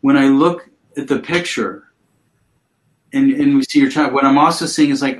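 A man gently guiding a mindfulness practice on a video call, speaking slowly and reflectively and repeating phrases. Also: medium pitch, steady tone, low-quality recording. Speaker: mindfulness teacher. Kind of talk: guided mindfulness coaching.

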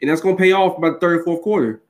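A man's voice: fairly high pitch, rapid-fire, a little mellow. A male host breaking down a football matchup, laying out his point step by step in casual sports talk.

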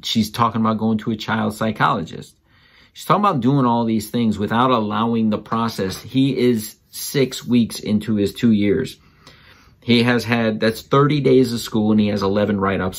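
A father casually telling a story about his child and giving other parents emphatic advice, his voice jumping up when he quotes people. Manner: animated, jumps up in pitch when quoting others.

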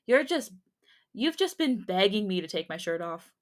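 A woman's voice: medium pitch, very animated, normal speed, natural voice. Woman reading as a teasing college jock. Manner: teasing, playful.

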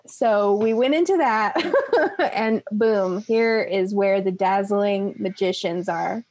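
Young adult woman, tabletop player, chatty and laughing, doing quick voices in her recap. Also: medium pitch, darkish tone. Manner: giggly, rambling, slips into quick character voices. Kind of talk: casual recap of a tabletop game.

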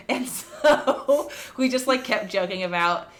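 A woman's voice: on the high side, slow pace, few pauses. A young adult woman co-hosting a podcast, chatting casually and telling rambling stories with frequent laughter. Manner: animated, laughs often, rambling storytelling. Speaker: podcast co-host. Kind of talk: casual chat between sisters.

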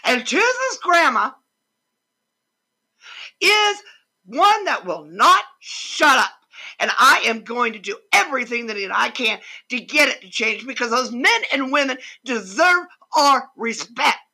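An older woman with a high, bright, husky voice rants in indignant, emphatic bursts. She speaks slowly and leans hard on every point. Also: sing-song. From United States. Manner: impassioned, indignant, emphatic, swears. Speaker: vlogger. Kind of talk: political rant.

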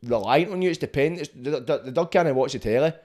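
A man's voice: medium pitch, animated, fast talker, a little mellow. A man with a Glaswegian accent hosting a casual chat, blunt and sweary, often laughing as he talks. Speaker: podcast host.

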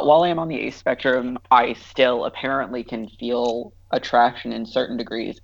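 A man co-hosting a podcast, talking frankly and dropping swears in relaxed chat. His voice has a gravelly, fried edge at a middling pitch. The audio sounds dull and lo-fi. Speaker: podcast co-host. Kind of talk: casual chat.

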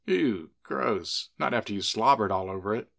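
A man reading the lines of a wary, sharp-tongued young woman in a spoken story. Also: on the low side, animated, normal speed, gravelly. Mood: disgusted.

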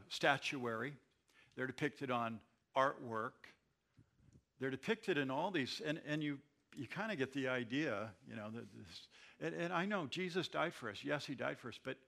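A pastor preaching a sermon in his church, swinging between loud declarations and quiet, confiding asides. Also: mid-range voice, gravelly.

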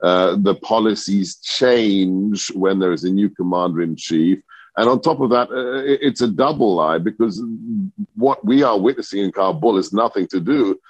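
A very deep-voiced man with a British accent, recorded close and dry with no room sound. He talks confidently, with a wry edge, as a radio guest. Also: moderate pace, breathy edge, dry recording, rough recording. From Britain. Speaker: radio host and analyst guest. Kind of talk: talk radio interview.

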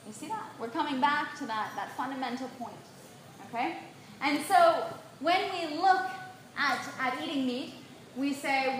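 A woman with a high voice gives an animated talk to a live audience, keeping them with her through a steady stream of "right?" and "you see that?". She sounds very roomy, with strong echo around her and faint noise underneath. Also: unhurried. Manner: animated, checks in with frequent rhetorical "right?". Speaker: nutrition speaker. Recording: very echoey room, faint background noise.

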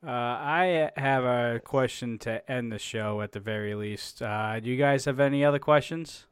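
A man hosting a podcast, reading out viewer questions in an unhurried way. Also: medium pitch, smooth, no room sound, clean studio sound. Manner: unhurried, reads out chat questions. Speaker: podcast host. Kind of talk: casual podcast chat.

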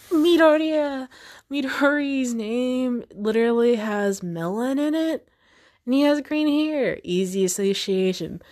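Chatting casually on her own podcast, a young woman rambles with many fillers and self-corrections in a mid-range, slightly mellow voice.

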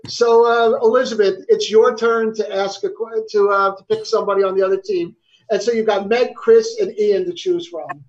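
A man's voice: sits high, steady tone, normal speed, darkish tone. Joking male quiz host, lo-fi sound. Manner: playful, swears and laughs, stumbles over answers. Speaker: game host. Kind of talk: casual game-show hosting.

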